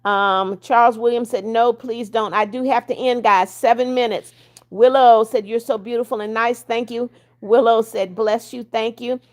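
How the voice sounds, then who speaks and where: A woman's voice: fairly high pitch, fairly even intonation, moderate pace. Firm woman reading live chat. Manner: firm and strict with viewers, blunt. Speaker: livestream host. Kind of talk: casual livestream chat, reading viewer comments aloud.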